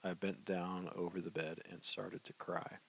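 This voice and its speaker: एक आदमी उपन्यास को पहले पुरुष में धीमे, गंभीर अंदाज़ में पढ़कर सुना रहा है।. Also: male voice, low-pitched, level tone, unhurried, gravelly, slightly rough, poor audio. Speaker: audiobook narrator. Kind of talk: first-person novel narration.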